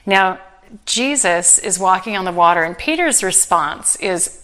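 A middle-aged woman preaching a sermon, telling a Bible story with earnest warmth and touches of gentle humor. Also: on the low side, expressive, a little slow.

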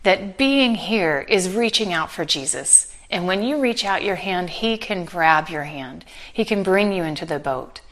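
A middle-aged woman delivers a sermon in a slightly low voice. She retells the scripture with animated, earnest storytelling and light humor. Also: measured pace, hardly any pauses. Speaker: preacher.

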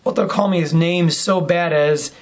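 Priest telling a story in a homily. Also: male voice, a little high, moderate pace, highs cut off. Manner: relaxed, conversational, acts out dialogue.

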